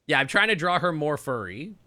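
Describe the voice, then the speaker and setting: A man with a Canadian accent chatting loosely through a live game stream, rambling and thinking out loud. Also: a little high, sing-song, fairly quick.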